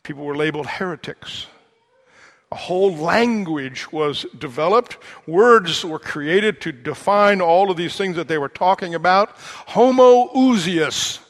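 A man's voice: on the high side, a little slow, fairly bright tone. A man preaching a sermon as a pastor, conversational and wry, dropping humorous asides between serious points.

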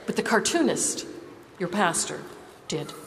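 A woman preaching a sermon, telling stories in a measured, expressive way. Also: on the low side, gravelly, slight background noise. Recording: reverberant hall with faint ambience.

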